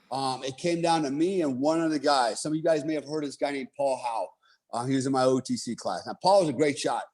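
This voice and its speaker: A man's voice: on the high side, darkish tone. A man telling a long story in a casual way, swearing freely and saying "you know" and "right?" often. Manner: profane, laid-back, heavy on "you know" and "right?".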